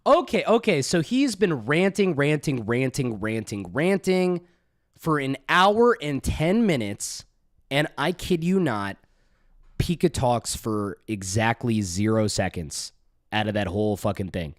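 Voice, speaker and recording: A man's voice: medium pitch, expressive, a little slow, dry recording, clean studio sound. A man doing profane, mocking reaction commentary, sarcastic and incredulous, swearing often.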